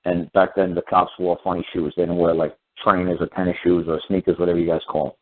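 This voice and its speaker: A middle-aged man with a low voice hosts a casual radio talk show, speaking bluntly and circling back over his own points. His voice reaches the listener through a thin, tinny phone-line sound. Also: flat delivery, fast. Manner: blunt storytelling with frequent repetition and restarts.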